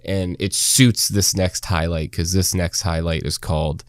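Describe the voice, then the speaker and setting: Young dude podcast host, low voice, dry close sound, chill and rambly. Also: male voice, a little slow, no room sound. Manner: relaxed, filler-heavy, laughs often. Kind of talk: casual podcast chat.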